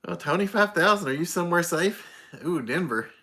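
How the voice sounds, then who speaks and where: A man's voice: high-pitched, expressive, a little fast, bright, forceful tone. A tired man with a slightly stuffy nose, hosting a casual livestream and greeting viewers by name. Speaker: livestream host.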